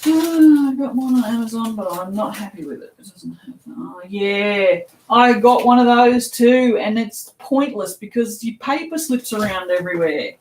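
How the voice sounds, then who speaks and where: A woman's voice: a little high, lively intonation, moderate pace, darkish tone, recorded from a distance. A chatty Australian woman talks casually as she works, laughing and swearing offhandedly. Her voice sits a bit away from the mic in an echoey room with a faint hiss behind it. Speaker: soap shop owner packing orders. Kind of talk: casual live-stream chat while working.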